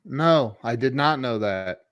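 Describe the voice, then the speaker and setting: A man's voice: mid-range voice, lively intonation, slow pace, clear, resonant tone, dry recording. A man hosting a podcast, chatting casually with enthusiastic reactions. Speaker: podcast host. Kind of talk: casual conversation.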